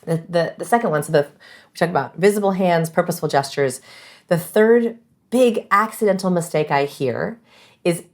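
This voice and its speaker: Low-voiced energetic woman guest. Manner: energetic, emphatic, acts out example phrases. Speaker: guest expert on communication. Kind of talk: animated interview answers.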